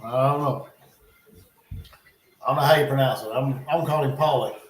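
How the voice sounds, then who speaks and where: A man's voice: medium pitch, moderate pace. Male streamer, loose play-by-play with offhand asides, recorded at home in a roomy echo. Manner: chatty, thinks aloud, muttering asides. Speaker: livestream host reacting to football. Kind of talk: casual live game commentary. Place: home in North Carolina. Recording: echoey room.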